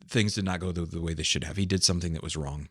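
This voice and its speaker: A man, a pastor, talking in a casual podcast discussion with earnest, animated emphasis. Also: deep voice, rapid-fire, husky, no room sound, clean studio sound.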